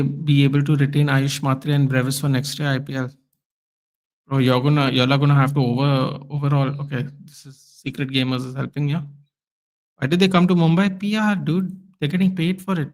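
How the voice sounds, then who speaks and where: A man hosting a live football watchalong stream, chatting casually and reacting loudly to the play with lots of slang. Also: a little high, fairly even intonation, fairly quick.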